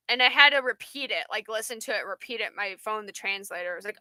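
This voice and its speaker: Young woman, livestream host; high, rambly, replies to chat. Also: steady tone, quick pace, few pauses, bright, forceful tone, dry recording. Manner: chatty, rambling, answers viewer comments. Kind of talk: casual live chat.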